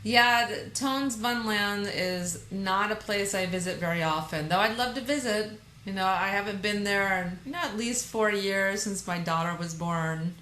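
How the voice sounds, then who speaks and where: A woman's voice: medium pitch, moderate pace, hardly any pauses, pushed and bright. Chatty woman podcast host, roomy echo. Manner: chatty, self-deprecating, stumbles and restarts. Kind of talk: casual chat. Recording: roomy echo with faint noise.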